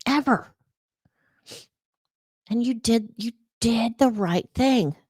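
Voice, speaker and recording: A woman's voice: on the high side, unhurried, mellow, dry recording. A woman who works as a psychic talking in a casual vlog monologue, earnest and repeating words for emphasis. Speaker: psychic and vlogger.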